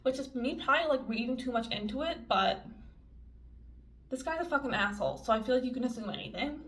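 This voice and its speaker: A young woman telling a story in a casual vlog, talking fast and loose with lots of swearing and filler words. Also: on the high side, lively intonation, fairly bright tone, a little hiss or hum. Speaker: vlogger. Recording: dull lo-fi audio with faint music.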